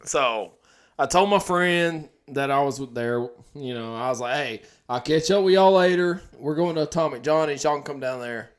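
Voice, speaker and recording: A man's voice: a little high, moderate pace, clean tone. Easygoing male co-host, crude rambling storyteller. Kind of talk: casual storytelling chat.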